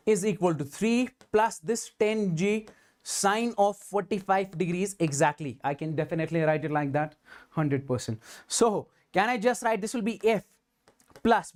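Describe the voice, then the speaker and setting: A man teaching physics in a live online exam-prep class. He asks rhetorical questions, voices the students' answers back to himself and keeps repeating emphatic affirmations. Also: high voice.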